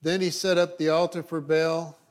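Man preaching a sermon, fairly high voice. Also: little pitch movement, normal speed. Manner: preaching with asides and dry jokes. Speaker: pastor.

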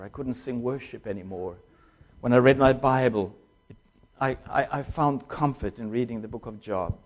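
An older man, a former pastor and missionary, giving a personal testimony in an emotional, halting way, in short phrases. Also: medium pitch.

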